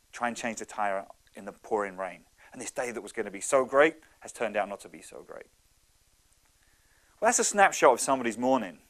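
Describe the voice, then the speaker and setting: A man in his thirties giving a motivational talk, telling stories in an animated, conversational way. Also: medium pitch. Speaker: speaker.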